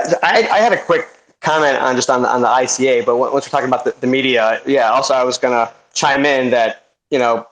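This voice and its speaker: A man's voice: mid-range voice, rough recording. A man chiming into a casual online group chat, hesitant and restarting his sentences.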